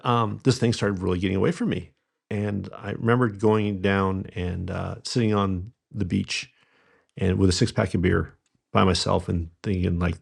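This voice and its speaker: A middle-aged man, a podcast guest, telling stories from his business in a halting way with many fillers and restarts. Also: deep voice, fairly even intonation, gravelly, breathy edge. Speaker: podcast guest, rental company founder. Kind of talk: conversational storytelling interview.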